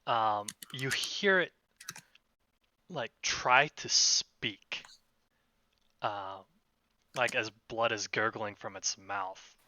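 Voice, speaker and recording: A man narrating a tabletop game as game master, halting with many fillers. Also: on the low side, sharp tone, dry recording.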